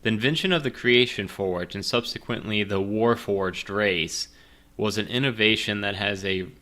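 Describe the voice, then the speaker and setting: Game master, male, low-ish bright voice, casual and rambling, self-deprecating, drinking a bit. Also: normal speed. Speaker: game master playing a solo gamebook. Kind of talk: casual chat and reading game narration.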